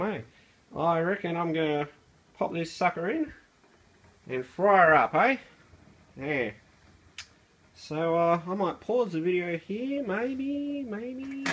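With a high voice and a little background noise, a young Australian vlogger rambles through a casual cooking video in a small kitchen, dropping fillers and slang throughout.

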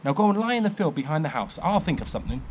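A man voicing a sharp-tongued, clever giant's wife who scolds and gives orders in a raised, high voice. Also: very animated, very fast, slight background noise. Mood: scolding. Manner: scolding, bossy.

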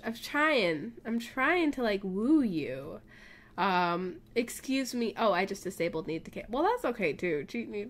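A woman casually commenting on her life-sim game, gushing and excitable over her pets. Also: mid-range voice. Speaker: gaming YouTuber. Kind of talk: casual let's play commentary. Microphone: desk mic, facecam.

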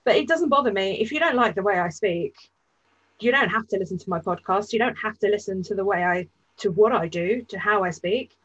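A woman's voice: medium pitch, brisk, fairly bright tone, slightly rough, muffled recording. A woman with an East London accent that slides toward RP, speaking bluntly and with self-assurance in a panel discussion. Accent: East London, shifting toward RP.

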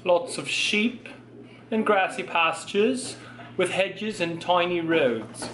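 A woman's voice: on the low side, slow, fairly bright tone, reverberant, a little hiss or hum. A woman in a playful put-on British accent, chatting casually in a mock-posh family vlog. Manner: mock-posh, lists things in a lilting rhythm. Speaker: family vlogger.

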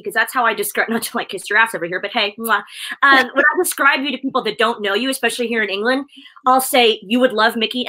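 A woman's voice: on the high side, bright, forceful tone. A woman presenter chatting effusively in a casual video interview, laughing often. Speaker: presenter and guest.

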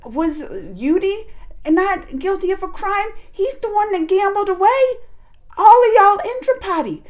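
A woman hosting a reaction video, talking casually and rambling with many fillers and restarts. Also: very high-pitched. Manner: retells scenes by acting out the characters' lines.

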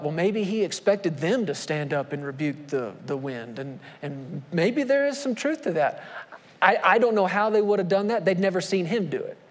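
A man preaching a sermon from the pulpit, emphatic, posing rhetorical questions to the congregation. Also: sits high. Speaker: pastor. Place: church sanctuary. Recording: long reverb of a church hall.

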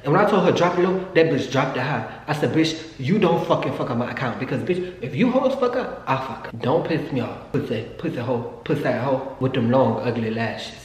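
A man's voice: mid-range voice, expressive, fairly quick, hardly any pauses, slight background noise, close to an everyday voice. A man doing a brash diva dance coach. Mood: scolding. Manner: brash, boastful, insulting. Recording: echoey room with long reverb.

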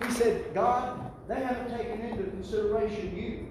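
Pastor preaching, voice a bit high, big echoey church, mic far off. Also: male voice, normal speed, few pauses, very noisy. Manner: builds to loud call-and-response preaching. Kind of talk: sermon. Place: church sanctuary.

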